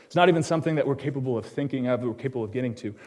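Man preaching a personal sermon. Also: medium pitch. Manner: personal storytelling with quick asides to the congregation; drops to a hushed tone on solemn lines. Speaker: pastor.

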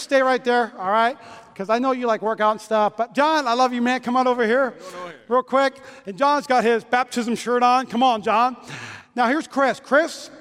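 A man preaching a lively sermon, joking with volunteers onstage in quick bursts. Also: very high-pitched. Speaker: pastor. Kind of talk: lively sermon with stage demonstration. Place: church auditorium. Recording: long reverb of a church hall.

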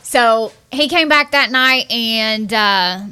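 Bright, clear-voiced woman telling her story. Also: on the high side, slow pace. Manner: earnest, animated, acts out quoted dialogue. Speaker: guest sharing her marriage story. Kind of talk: emotional personal storytelling.

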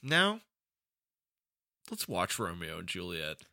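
A man co-hosting a casual video game podcast, telling stories in an animated way. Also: low-pitched, slow pace, gravelly. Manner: animated storyteller who jumps into voices. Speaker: podcast co-host.

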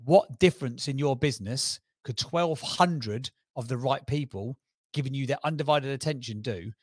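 A man with a Cockney accent, talking as a guest on a podcast interview, enthusiastic and persuasive with quick restarts. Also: mid-range voice, no echo, studio quality. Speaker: podcast guest, brand strategist.

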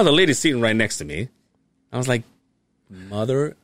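A man tells a story with a lively, swinging voice. He swears freely and laughs as he talks. The sound is dry and close, as on a podcast mic. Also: medium pitch, fast talker, no echo. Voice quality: animated, swears freely, laughs while telling. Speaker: podcast co-host. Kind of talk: casual storytelling chat.

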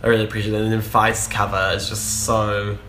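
A man's voice: lowish voice, completely flat delivery, a little fast, pushed and bright, slight background noise. A man co-hosting a podcast in casual chat, gushing and enthusiastic, with lots of "like" fillers. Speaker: podcast co-host. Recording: roomy echo.

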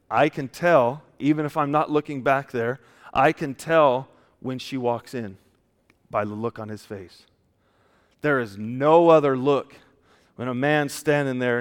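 A man preaching a casual, story-filled sermon, often dropping to a soft hushed tone. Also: medium pitch, clean tone. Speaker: pastor. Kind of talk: conversational sermon with stories. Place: church. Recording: long church hall reverb.

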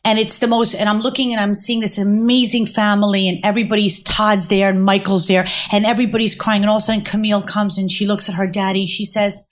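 A woman co-hosting a podcast in casual chat, an animated, gushing storyteller. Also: medium pitch, fast, few pauses. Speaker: podcast co-host.

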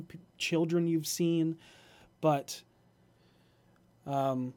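Brief: game master, man, slightly high voice, slow, hesitant narration. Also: steady tone, a little mellow.

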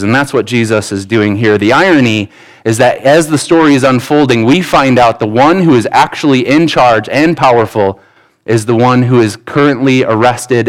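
A man's voice: medium pitch, poor audio. A pastor in his thirties preaching a sermon in an earnest, conversational way, with asides and restarts.

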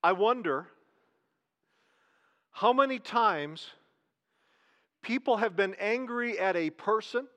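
Speaking in a notably high-pitched voice, a pastor preaches to his congregation as though chatting with them, asking questions, repeating his key lines and stretching out words for emphasis. His delivery is expressive and slow, with long pauses and a pushed, bright quality.

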